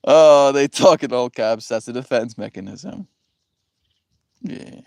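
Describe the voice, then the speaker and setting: A man's voice: mid-range voice, animated, slow, gravelly, a little mellow, no room sound. A man hosting a livestream who chats casually with viewers, rambling and reflective and laughing often. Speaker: livestream host.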